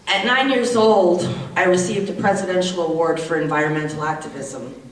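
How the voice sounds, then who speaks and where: An American woman in her forties, with a lowish voice at normal speed, gives an indignant, emotional public comment at a hearing and repeats her points. The recording comes from a large, echoey meeting hall via a distant mic with faint noise.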